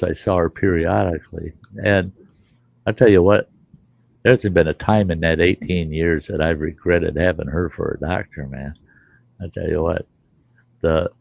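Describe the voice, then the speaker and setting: A middle-aged podcast host tells wandering, curse-laden stories in relaxed conversation, laughing in the middle of them. His voice is low and gravelly, and the recording is dry.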